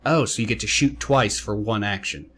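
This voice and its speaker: Low-voiced man commenting on gameplay. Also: normal speed, fairly bright tone, breathy edge. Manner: reads game text aloud, then reacts with chatty asides. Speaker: let's play host.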